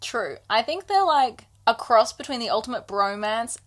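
A book podcast co-host with a slightly high voice talks at a moderate pace. She's casually retelling a book's scenes to a friend, animatedly acting out the characters' lines.

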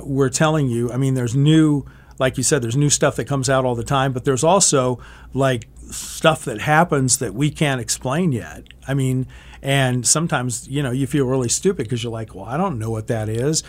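A middle-aged man, a TV meteorologist, chatting casually and telling stories, often restarting his sentences. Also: mid-range voice. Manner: rambling, self-correcting storyteller. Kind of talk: casual interview chat.

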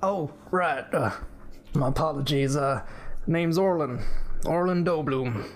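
A man's voice: fairly high pitch, a little slow, natural voice. A man doing a polite, fumbling adventurer. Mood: friendly. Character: friendly red-skinned male adventurer.

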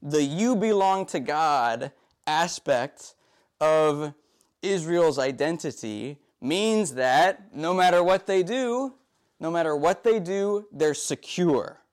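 A man's voice: fairly high pitch, lively intonation, slow pace. A man preaching a sermon in a casual, conversational way. He keeps asking his listeners "right?" and acts out the characters' voices as he retells the story. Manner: conversational, often tags "right?". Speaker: pastor.

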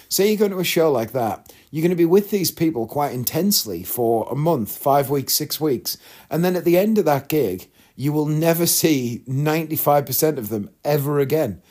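A man's voice: a little high, darkish tone. A man in a casual vlog, telling a long story frankly and chattily, rambling with asides and acting out what other people said. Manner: chatty, candid, rambling with asides and quoted voices. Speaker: vlogger.

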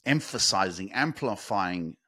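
A young man hosting a motivational podcast, talking straight to his listeners and swearing freely. He builds from plain talk to loud, fast, emphatic peaks. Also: low voice, lively intonation, no echo, clean studio sound. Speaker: podcast host.

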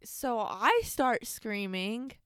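Animated young woman telling a story. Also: a little high, very slow, smooth, dry recording, clean studio sound. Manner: animated storyteller, laughs easily. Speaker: podcast guest. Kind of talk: casual chat.

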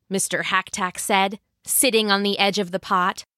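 Expressive woman reading a folk tale, bright voice, dry close mic, faint music behind. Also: medium pitch, moderate pace, hardly any pauses, dry recording. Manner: warm, expressive, playful. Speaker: storyteller. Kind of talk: scripted narration of a folk tale.

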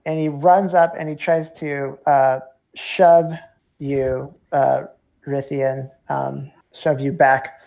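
A game master running a tabletop game, with a gravelly, darkish voice that pauses often on fillers. They read out rules and describe the scene in a plain, casual way. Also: medium pitch, level tone, warm tone, poor audio. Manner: halting, lots of fillers.

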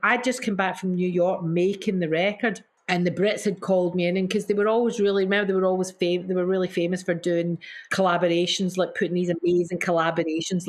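A woman's voice: lowish voice, fairly even intonation, quick pace. A middle-aged woman, a singer being interviewed, telling stories in an effusive way, repeating herself and acting out quotes. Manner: acts out quotes with gasps and mimicry. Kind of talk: casual storytelling in an interview.

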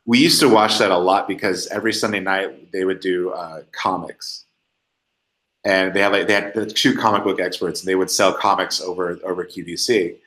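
A man co-hosting a podcast, telling stories in an animated way with many restarts. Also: low voice, moderate pace. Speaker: podcast co-host. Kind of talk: casual chat. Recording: echoey room.

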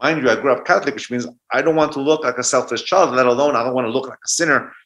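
Bright-voiced man telling a story. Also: medium pitch, very fast. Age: 40s. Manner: anecdotal, restarts mid-thought. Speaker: guest speaker. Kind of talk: reflective storytelling talk.

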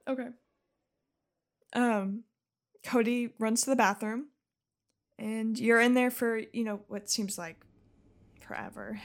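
A woman's voice: fairly high pitch, fairly even intonation, takes it slowly, long pauses. Woman game master narrating casually. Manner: casual, laughing often. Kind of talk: narrating a tabletop role-playing game.

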